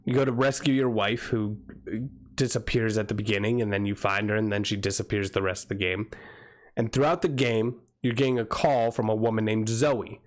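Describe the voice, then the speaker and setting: A man's voice: on the low side, fairly even intonation, fairly quick. A young man casually commenting on games during a livestream, rambling with crude, jokey asides. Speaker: streamer.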